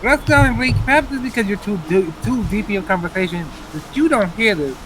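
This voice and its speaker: A man's voice: sits high, lively intonation, brisk, noisy background. A man running a tabletop role-playing game as game master, calling for dice rolls and setting the scene. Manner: leads the scene, calls for rolls.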